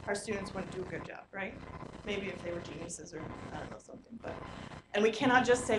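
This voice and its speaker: A woman leading a teacher workshop, lively and quizzing the audience with questions in a large room. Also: medium pitch, a little fast. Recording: echoey room, noisy live recording.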